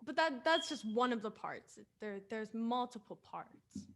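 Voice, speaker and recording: Woman co-host, a bit high, playful joker stretching words for effect. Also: lively intonation. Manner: playful, jokey, drawn-out emphasis. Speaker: podcast co-host. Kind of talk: casual group chat.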